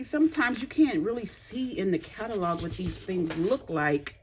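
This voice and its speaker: A woman's voice: medium pitch, expressive, moderate pace, hardly any pauses, background noise. A woman demonstrating craft supplies in a casual unboxing chat, chatty and gushing with delight. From United States.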